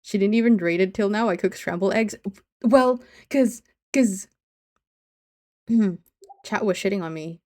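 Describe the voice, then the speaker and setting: A woman's voice: mid-range voice, unhurried, long pauses, a little mellow. A woman streamer chatting casually with her viewers in a teasing, giggly way, often saying she's only kidding.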